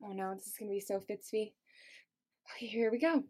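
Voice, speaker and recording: A woman's voice: medium pitch, brisk, dark tone. A woman co-hosting a podcast, chatting casually and reading passages aloud, tired and often breaking into giggles. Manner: giggly, reads with dramatic asides. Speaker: podcast co-host.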